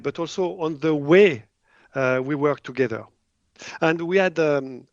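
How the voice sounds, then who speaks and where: A man's voice: fairly high pitch, no echo, muffled recording. A man with a French accent, a biotech company head, answering in a podcast interview, hesitant and full of fillers. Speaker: biotech company CEO, guest.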